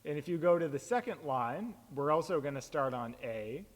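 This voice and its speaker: A man, a pastor, casually explaining how to chant psalms, relaxed and plain-spoken with frequent fillers. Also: on the high side, normal speed, big-room sound.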